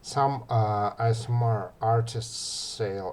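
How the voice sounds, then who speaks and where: A man explaining relaxation technique in a soft, hesitant, instructional way, sometimes dropping almost to a whisper. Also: on the low side, clean tone. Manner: slow, soft-spoken, drops to near-whisper for example phrases; hesitant, many fillers. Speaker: ASMR artist giving advice. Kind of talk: instructional talk.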